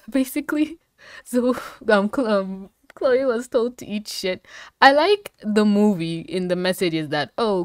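A woman talks through a cartoon episode in a loose, sarcastic review, her voice sitting a little low. She swears freely and jumps between outrage and amusement. The sound is close and dry, with no room around it. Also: no room sound. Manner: animated, sarcastic, swearing, laughing asides. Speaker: YouTube reviewer. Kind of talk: casual episode review commentary.

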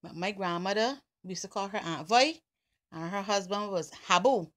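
A woman with a Barbadian accent, talking casually and deliberately through an accent challenge. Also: medium pitch, a bit bright. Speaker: vlogger.

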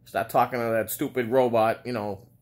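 Medium pitch, level tone, moderate pace: that's how this Boston-accented vlogger sounds while ranting through a storytime video. He's sarcastic, exasperated and swears heavily the whole way.

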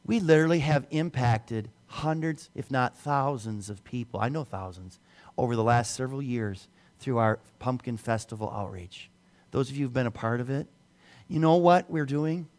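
A middle-aged man preaching a sermon as pastor, swinging between soft, low passages and loud, raised emphasis. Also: animated, normal speed.

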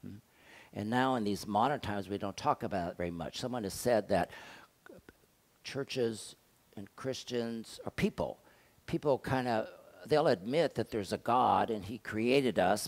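Low-voiced older pastor preaching. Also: male voice, a little slow. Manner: conversational preaching with rhetorical questions, shifting loud and soft. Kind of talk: sermon.

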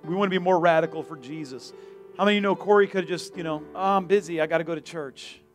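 Joking pastor preaching over soft guitar. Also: male voice, fairly high pitch, fast talker. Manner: casual, joking, energetic preacher. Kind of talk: sermon. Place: church sanctuary.

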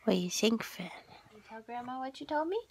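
A woman's voice: fairly high pitch, animated, fast, a little hiss or hum. Sing-song woman coaxing a toddler. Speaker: family member filming a toddler. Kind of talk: home video chat with a small child.

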